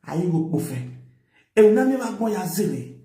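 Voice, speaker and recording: A man's voice: high voice, sing-song, normal speed, mellow, echoey room. A man with a Nigerian accent, lecturing and scolding in a commentary, mixing pidgin with a local language. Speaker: social media commentator.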